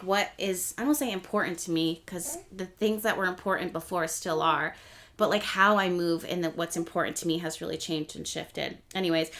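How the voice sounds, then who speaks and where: Talking casually to camera, a young astrology channel host explains the week's transits in a chatty, somewhat rambling way. She corrects herself as she goes, and her pace quickens and pitch climbs whenever she gets excited.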